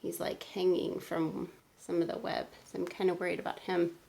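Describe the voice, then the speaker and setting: A woman teacher speaking gently to children in a video lesson, recorded on a phone. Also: lowish voice, completely flat delivery, gravelly. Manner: slow, gentle, explaining to kids. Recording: phone video with faint noise.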